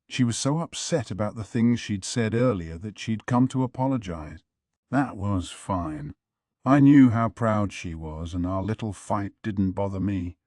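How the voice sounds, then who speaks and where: A man narrating a light novel audiobook in the first person, with a wry, measured delivery. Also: fairly low pitch, dark tone, dry recording, studio quality.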